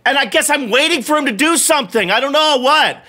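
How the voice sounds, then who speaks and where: Brief: middle-aged man, bright, animated pitch, cursing gamer talking through his own play. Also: brisk. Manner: swears often, rambles in broken restarts, exasperated. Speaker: gamer playing while his son coaches. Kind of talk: frustrated live gameplay commentary.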